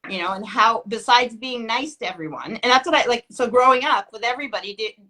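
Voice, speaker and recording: A woman's voice: on the high side, quick pace, sharp tone. A woman from Canada with a Canadian accent, chatting casually and rambling, often breaking off mid-sentence. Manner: rambling, self-interrupting with many likes. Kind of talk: casual chat.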